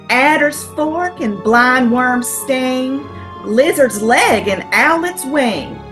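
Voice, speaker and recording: A woman's voice: high voice, a bit bright, exaggerated voice. A woman with a Southern US accent playing an old witch, chanting spell ingredients in a lilting rhythm for an amateur stage-play reading. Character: sing-song old witch listing foul ingredients.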